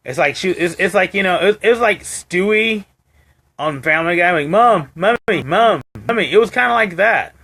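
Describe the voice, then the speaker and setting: Lively, high-pitched male storyteller. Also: brisk, vocal fry. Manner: animated storytelling, acting out quoted voices, many restarts. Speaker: co-host. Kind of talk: casual chat on a live stream.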